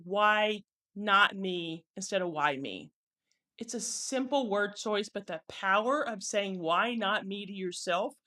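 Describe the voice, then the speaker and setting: A woman career coach giving an encouraging motivational talk to camera, slowing down to stress key phrases. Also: mid-range voice, a bit bright.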